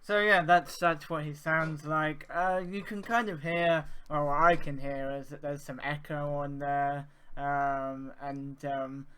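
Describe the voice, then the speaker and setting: Male tutor, bright and crisp, casual and hesitant, filler-heavy. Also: on the high side, little pitch movement, slow. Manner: informal, hesitant, many fillers. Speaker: arts facilitator teaching audio effects. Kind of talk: screen-share software tutorial.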